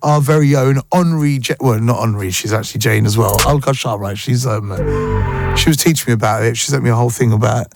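A man's voice: medium pitch, fairly quick. A young man hosting a morning radio show, chatting playfully and joking with listeners. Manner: playful, jokey, bouncy delivery with sing-song bits. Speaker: radio breakfast show host. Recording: music bed under voice.

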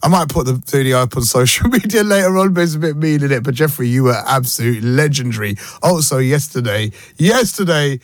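A man hosting a radio show, chatting casually and telling stories with animated voices. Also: medium pitch, fairly quick, few pauses, dry recording, clean studio sound. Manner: animated, playful storytelling with voices. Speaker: radio host.

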